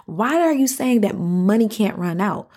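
A slightly husky woman in her thirties tells a personal story on her podcast in a loose, chatty way. Her voice sits in an ordinary middle range. She drops into slang and jumps up high whenever she acts out what someone said. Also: expressive, a little slow, warm tone. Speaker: podcast host. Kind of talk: casual storytelling monologue.

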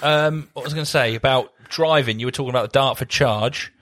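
A man chats on a casual two-host podcast. His pitch is average for a man, and he talks in a friendly, self-deprecating way with frequent laughs. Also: fast, a bit bright. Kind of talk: casual banter.

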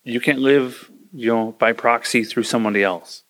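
A man's voice: medium pitch, moderate pace, fairly bright tone. A man hosting a podcast, ranting casually and acting out quoted voices as he gives advice. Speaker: podcast host.

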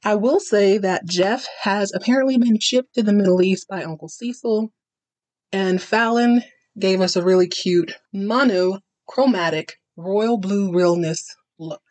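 A woman's voice: mid-range voice, darkish tone, no room sound. A woman hosting a podcast, giving a sassy, dramatic, chatty recap of a TV episode. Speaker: podcast host. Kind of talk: casual TV recap commentary.

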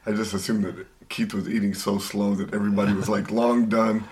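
A man's voice: lowish voice, little pitch movement, brisk, darkish tone, slight background noise. A man co-hosting a casual podcast, chatting about a TV show and chuckling often. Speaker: podcast co-host. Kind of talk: casual recap chat.

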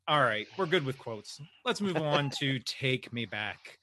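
A man's voice: a little high, very animated, takes it slowly, bright, forceful tone. A man hosting a podcast who chats casually about a film, upbeat and laughing often. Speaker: podcast host.

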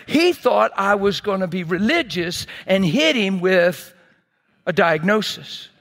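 High-voiced man telling a lively testimony. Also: slow. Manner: animated storyteller, acts out scenes with sound effects. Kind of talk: sermon testimony storytelling.

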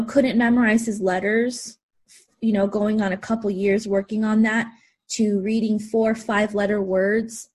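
Breathy, halting mother. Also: fairly high pitch, a little mellow. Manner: halting, many fillers. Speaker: parent. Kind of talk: casual interview talk.

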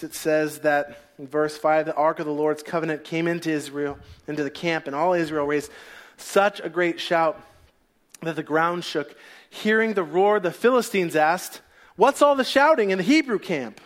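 A male pastor preaching a sermon as an animated storyteller who acts out the scenes. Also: a little high, moderate pace.

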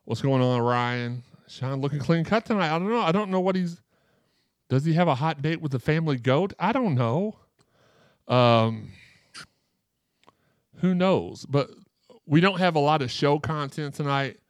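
A man's voice: a little high, expressive, unhurried, long pauses, no room sound. Joking man hosting a podcast. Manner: joking, rambling, reads chat comments aloud. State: sore throat after surgery. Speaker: podcast host. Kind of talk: live-streamed casual podcast chat.

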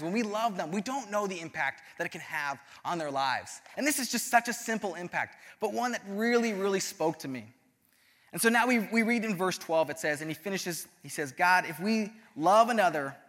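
A young man as youth pastor, giving a sermon, telling stories in an animated, self-deprecating way. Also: high-pitched, long reverb tail.

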